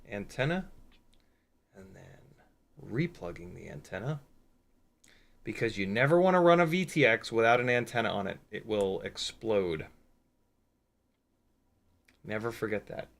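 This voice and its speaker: Sleepy and short on rest, a man aged forty or older chats casually on his FPV drone livestream, reading out viewer comments and rambling candidly with frequent fillers and self-mocking asides. His voice is on the low side, animated yet slow-paced, with vocal fry and many pauses.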